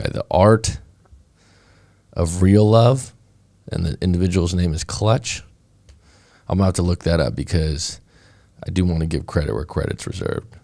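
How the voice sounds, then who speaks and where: This breakup coach talks loosely on a casual live stream, rambling and circling back with fillers and restarts. His low, mellow voice has a creaky edge. The recording is close and dry, with almost no room sound.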